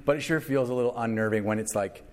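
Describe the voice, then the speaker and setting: A man preaching a sermon, telling a story with lively acted-out quotes. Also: mid-range voice, fast talker. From Canada. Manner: animated storyteller, acts out quotes. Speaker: pastor.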